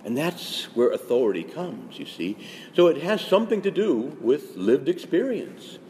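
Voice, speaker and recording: A man's voice: a little high, very animated, normal speed, darkish tone, a little hiss or hum. A man, a priest, giving an earnest, emphatic and conversational talk to fellow priests, with many asides. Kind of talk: spoken retreat talk. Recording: echoey hall with faint ambience.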